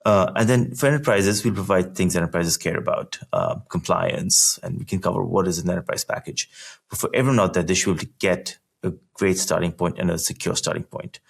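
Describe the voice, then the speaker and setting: A man's voice: sits low, brisk, creaky, slightly rough. A man, a guest on a technology interview podcast, talking through engineering work in loose, casual sentences full of "like" and restarts. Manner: explains in loose run-on sentences with frequent "like".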